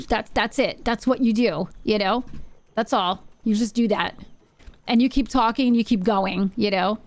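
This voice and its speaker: A woman's voice: fairly high pitch, no room sound. A woman live-streaming from her home setup, chatting casually with her viewers in a rambling way and often repeating her phrases. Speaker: Twitch streamer.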